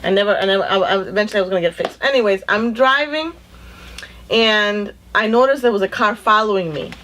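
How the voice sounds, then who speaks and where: A middle-aged woman telling a story in a casual podcast chat, animated and acting out the people she quotes. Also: mid-range voice, fast talker, a little hiss or hum. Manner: animated, acts out quoted dialogue. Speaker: podcast co-host.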